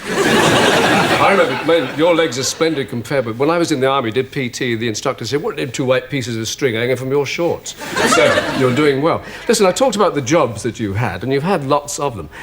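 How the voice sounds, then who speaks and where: A man's voice: mid-range voice, animated. A man hosting a television chat show, genially bantering with his guest. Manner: genial, bantering, quick to laugh. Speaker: talk show host. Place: television studio. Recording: hissy 1980s television broadcast.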